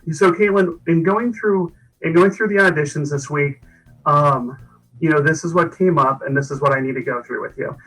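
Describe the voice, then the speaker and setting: A man's voice: on the high side, fairly bright tone, distant mic, rough recording. A man hosting a casual livestream, upbeat and rambling, with lots of fillers and restarts. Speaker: livestream host.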